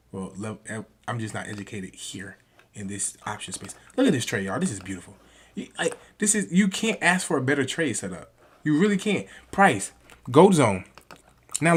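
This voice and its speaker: A young man giving a casual trading lesson over a screen share, excitable, calling his viewers "y'all" and swinging from hushed to loud and high when he gets worked up. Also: breathy edge. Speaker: trading educator.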